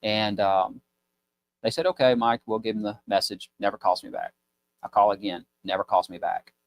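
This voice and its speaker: A man's voice: lowish voice, fairly even intonation, moderate pace, a little hiss or hum. A man, a business owner telling a rambling, folksy story as a podcast guest. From Mississippi. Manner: rambling, folksy, mimics voices in stories. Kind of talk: casual storytelling chat.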